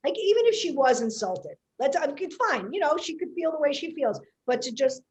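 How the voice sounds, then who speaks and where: A woman comedian, telling a story in casual podcast chat, animated and chatty. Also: sits high, fairly quick.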